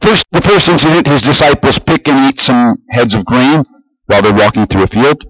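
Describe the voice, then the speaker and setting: A man preaching a sermon, explaining a scripture passage in an earnest, measured way with some restarts. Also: mid-range voice, a bit bright, no echo, rough recording. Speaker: pastor.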